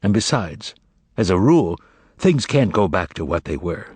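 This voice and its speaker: A tired, tender writer speaks softly and plainly in a low voice. The male narrator gives him a dry, close storybook sound. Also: very animated, moderate pace, breathy edge, dry recording, exaggerated voice. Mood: weary.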